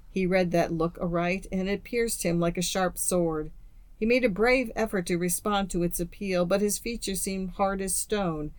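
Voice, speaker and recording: A reader narrating classic short stories in a measured, expressive way. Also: mid-range voice, dry recording. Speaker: story reader. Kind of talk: storybook narration.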